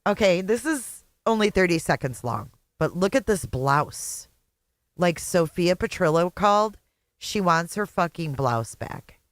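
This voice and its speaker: Middle-aged stream host from Indiana, blunt and profane, mid pitch, dry close mic. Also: big pitch swings, measured pace, dry recording. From Indiana, USA. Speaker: channel host. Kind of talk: live reaction commentary.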